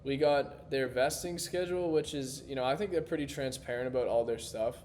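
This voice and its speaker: A man hosting his own crypto video, talking loosely in a casual explainer monologue, often restarting his phrases, his voice a little hoarse. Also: mid-range voice, fairly quick, a little mellow, slight background noise. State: slightly hoarse.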